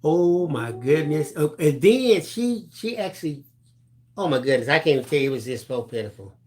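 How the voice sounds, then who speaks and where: Animated middle-aged man telling stories. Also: fairly high pitch, moderate pace. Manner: animated storyteller, acts out voices, laughs through lines. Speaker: co-host of a live crafting stream. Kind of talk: casual storytelling chat.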